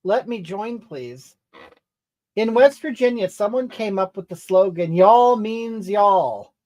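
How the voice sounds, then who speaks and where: Woman as brash middle-aged livestream gal, sassy and rambling, mid pitch, quick to take offense. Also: mellow, lightly acted. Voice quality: sassy, rambling, keeps snapping "okay?" and "honey". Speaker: livestream comedy character. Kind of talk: character livestream reading comments.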